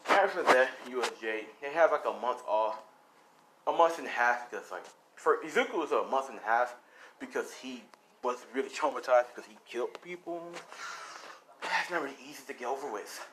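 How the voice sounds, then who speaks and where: A man's voice: mid-range voice, lively intonation, normal speed, heavy background noise. Rambling young man telling a fan story. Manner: rambling, full of "you know" fillers. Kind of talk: casual improvised fan-story narration.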